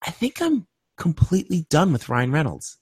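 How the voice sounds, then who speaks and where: A man's voice: fairly high pitch, huge pitch swings, normal speed, darkish tone, slightly rough, no echo. A young man co-hosting a podcast in casual chat, dry and sarcastic as he teases his co-hosts. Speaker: podcast co-host.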